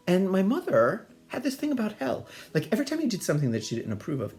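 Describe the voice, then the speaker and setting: Fields: Sex: man. Style: casual personal storytelling. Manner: animated, chatty, lively pitch. Behind: faint music. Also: a little fast. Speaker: storyteller, host.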